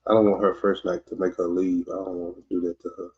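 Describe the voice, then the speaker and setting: Talking fast in a deep, level, breathy voice, this Mississippi podcast host with a Southern accent rambles and ribs people during a casual livestream. He uses plenty of fillers and keeps restarting sentences, and the audio sounds dull and lo-fi.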